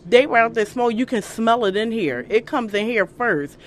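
A woman's voice: a little high, lively intonation, moderate pace. A middle-aged woman, a barbershop owner speaking bluntly and from the heart in a news interview.

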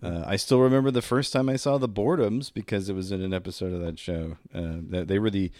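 A man's voice: deep voice, fairly even intonation, quick pace, darkish tone, no room sound. A man co-hosting a podcast in casual banter, laughing often and swearing freely. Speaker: podcast co-host.

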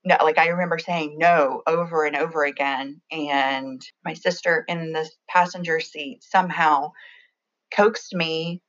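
A young woman telling a personal story in a halting, reflective way, often restarting her sentences. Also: sits low, fairly even intonation, highs cut off.

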